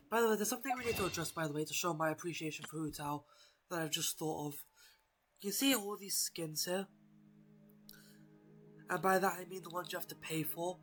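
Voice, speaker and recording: A woman's voice: lowish voice, fairly quick, long pauses. A young woman giving goofy, rambling commentary while she plays a video game. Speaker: gaming streamer. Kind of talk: let's-play commentary. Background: game music.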